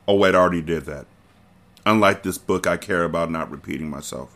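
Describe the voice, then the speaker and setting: A man's voice: deep voice, fast, a bit bright. A man hosting a book-club podcast, reading a novel aloud and dropping joking, irreverent asides.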